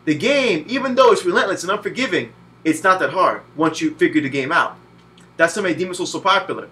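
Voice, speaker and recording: A man in his twenties, from Puerto Rico, giving a profane, animated video game review full of cursing and mocking voices. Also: high-pitched, fairly quick. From Puerto Rican. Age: 20s.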